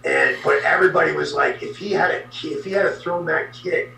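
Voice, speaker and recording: Gravelly guy spinning a story, sharp bright voice, echoey room, off mic. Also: fairly high pitch, fairly quick, distant mic, faint music behind. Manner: animated anecdote teller with sound effects. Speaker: guest. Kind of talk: storytelling in a podcast interview.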